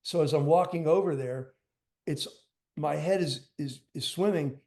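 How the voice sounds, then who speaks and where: Older man guest, rambling emphatic storyteller, slightly high voice, casual interview. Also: a little slow, a little mellow. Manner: rambling, emphatic, filler-heavy. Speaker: guest drummer.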